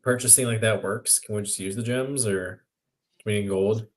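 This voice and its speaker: A man's voice: lowish voice, fairly even intonation, normal speed. A man playing in a tabletop game, asking questions in a laid-back way. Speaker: player. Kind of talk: casual tabletop game chat.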